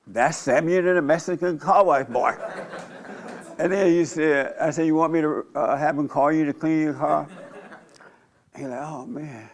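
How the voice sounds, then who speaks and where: A man's voice: a little high, normal speed, long pauses. An older man, a pastor and show host, giving a blunt, provocative, conversational church talk.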